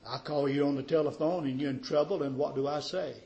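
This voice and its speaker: A man preaching a sermon to a small congregation, swelling to loud emphasis on key phrases and drawing words out. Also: fairly high pitch, steady tone, fast, gravelly, highs cut off. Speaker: pastor.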